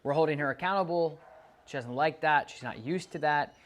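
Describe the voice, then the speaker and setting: A man working as a dog trainer, calmly coaching a client through exercises and counting out the timing. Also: on the high side, brisk, slight background noise. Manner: calm, coaching, counts out loud. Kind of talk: instructing a client during training.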